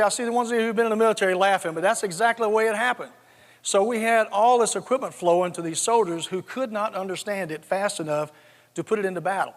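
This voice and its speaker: A man in his sixties from South Georgia with a Southern accent, telling folksy, joking stories in a keynote speech. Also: high-pitched. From South Georgia, USA. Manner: folksy, joking, repeats words when starting a thought. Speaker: conference speaker. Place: large conference hall. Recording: reverberant conference hall.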